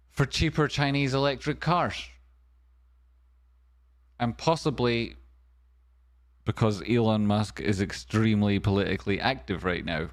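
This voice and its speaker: Guy doing a jokey stock news rundown, kinda low voice, wry asides. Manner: wry, jokey asides, sudden softer murmurs. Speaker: stock stream host. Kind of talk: comedic market news rundown.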